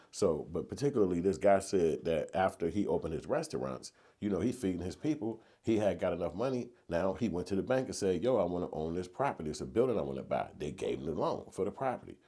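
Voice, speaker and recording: A man's voice: low-pitched, sing-song, fairly quick, mellow, breathy edge. A man giving a casual, slangy opinion monologue that builds to emphatic rants. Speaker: commentary vlogger.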